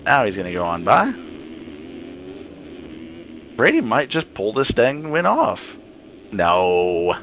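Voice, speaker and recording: A man's voice: lowish voice, slow pace, long pauses, lo-fi sound, a little hiss or hum. A man giving casual, joking play-by-play commentary on a simulated motocross race, swearing freely. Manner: joking, profane, excitable.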